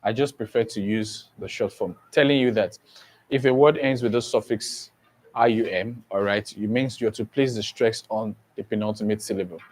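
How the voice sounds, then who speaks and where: A man's voice: on the low side, normal speed, a little mellow. A man giving an exam-prep lesson who keeps asking the class questions and repeating key points. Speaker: teacher.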